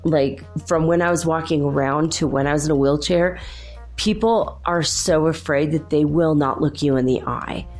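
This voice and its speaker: A woman's voice: low voice, normal speed, a little mellow, faint music behind. A woman with children talking casually and at length, rambling with many fillers and restarts, laughing often as she tells personal stories. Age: adult with children. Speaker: host.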